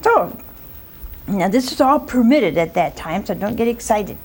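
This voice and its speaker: A woman's voice: medium pitch, animated, unhurried, darkish tone, husky. A woman preaching a storytelling sermon, retelling scripture with chatty asides and rhetorical questions to the congregation.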